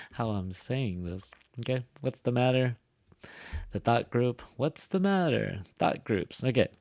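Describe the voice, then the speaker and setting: A man teaching English pronunciation in a relaxed lecture, peppering his talk with fillers and "right?" and exaggerating his intonation to demonstrate. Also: fairly low pitch, no echo, clean studio sound. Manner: frequent fillers and tag "right?". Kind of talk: recorded classroom lecture.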